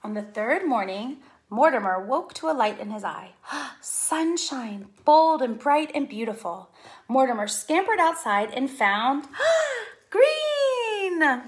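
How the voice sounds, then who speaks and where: A woman, a preschool teacher, reading a picture book aloud with expressive, sing-song storytelling. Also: fairly high pitch, measured pace.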